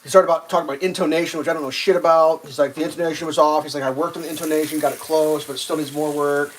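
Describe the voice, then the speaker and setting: A man tells a long, rambling story on a live stream, his voice sitting a little high and loose. He swears freely and jumps into a raised voice when he quotes people. Faint frying and sizzling can be heard behind him. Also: steady tone, racing, a little hiss or hum. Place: home kitchen while cooking.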